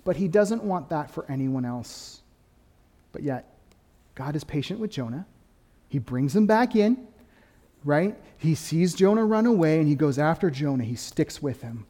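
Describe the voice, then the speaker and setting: A pastor preaching a sermon, lively and conversational, swinging between quick, louder stretches and soft, dropped emphasis. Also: male voice, a little high, in a large hall. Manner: animated preaching, rising and dropping to quiet emphasis.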